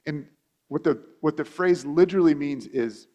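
A man's voice: a little high, normal speed, dark tone. A man preaching a sermon as a pastor, talking conversationally, often repeating and restarting words, and acting out quoted voices.

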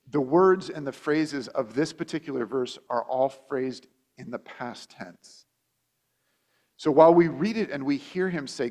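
A man's voice: medium pitch, darkish tone. A man preaching a sermon as a pastor, talking conversationally, often repeating and restarting words, and acting out quoted voices.

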